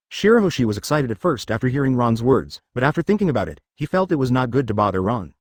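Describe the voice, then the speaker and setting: A man's synthetic voice narrating a fan fiction story in a steady machine read. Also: medium pitch, fast, few pauses, dry recording, studio quality.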